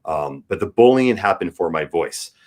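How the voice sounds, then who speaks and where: Forties guy on a podcast, low voice, real candid and earnest. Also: animated, moderate pace. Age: 40s. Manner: earnest, candid, advice-giving. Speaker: podcast guest. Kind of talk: casual chat.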